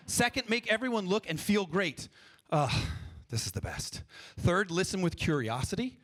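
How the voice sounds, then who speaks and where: Playful, high-voiced man leading an audience. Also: normal speed. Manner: energetic, playful, coaxing the crowd. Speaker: improv performer and workshop leader. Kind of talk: live freestyle rap and workshop talk to an audience. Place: large conference stage before a live audience. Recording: live event with audience noise.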